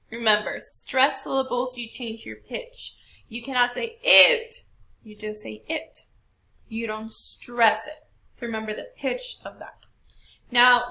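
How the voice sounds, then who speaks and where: A woman teacher explains a lesson at a slow, deliberate pace. Her voice sits a little high and bright, with a gravelly edge. She punches out single words to show how they are stressed. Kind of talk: classroom lesson recorded for students.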